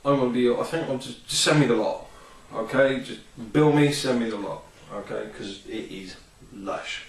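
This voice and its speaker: A man's voice: medium pitch, moderate pace, hardly any pauses. A man reviewing a product in a casual, rambling vlog, full of ums and enthusiasm. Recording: roomy, distant from the mic.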